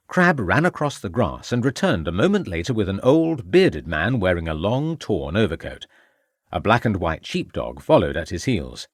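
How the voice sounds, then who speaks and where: A man narrating a mystery novel in a measured storytelling manner. His voice sits low but moves expressively in pitch, recorded close and dry with no room sound. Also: sing-song, slightly rough, dry recording. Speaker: audiobook narrator. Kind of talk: scripted audiobook narration.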